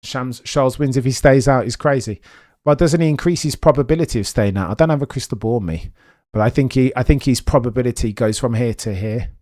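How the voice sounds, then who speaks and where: A young man streaming live race commentary, chatty and animated, with excited bursts and muttered asides. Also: medium pitch, brisk, no echo, studio quality.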